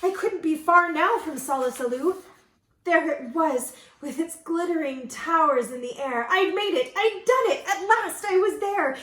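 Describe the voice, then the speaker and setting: Woman, storybook read-aloud, expressive sing-song delivery, high voice, echoey room. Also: measured pace. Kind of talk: reading a picture book aloud.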